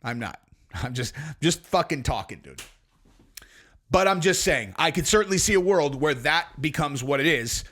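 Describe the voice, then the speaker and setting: A man's voice: a little high, normal speed. A man hosting a channel of MMA commentary, ranting casually and animatedly to his viewers, swearing freely and spinning theories. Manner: animated, profane, speculative, talks straight to viewers.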